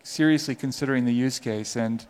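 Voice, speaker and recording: A man's voice: medium pitch, brisk, a little mellow. A man from a legal department answering a conference question with careful, hedging wording.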